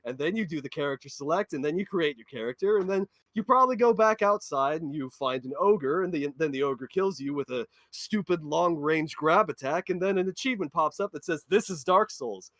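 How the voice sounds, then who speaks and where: Ranting man, fairly high voice. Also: lively intonation, fairly quick, hardly any pauses, fairly bright tone, dry recording. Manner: passionate, ranting game critique. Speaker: podcast co-host or guest. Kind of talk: casual chat.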